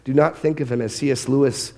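A man's voice: medium pitch, steady tone, quick pace, warm tone. A man preaching a sermon as pastor, earnest, often restarting and repeating words as he goes.

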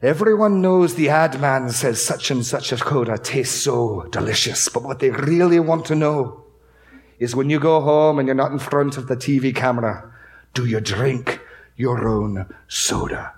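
An earnest older Scottish preacher leans over the pulpit, his rolling brogue landing each word with point, as a pastor puts him on. The voice stays at a plain middle pitch. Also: a little slow, lightly acted.

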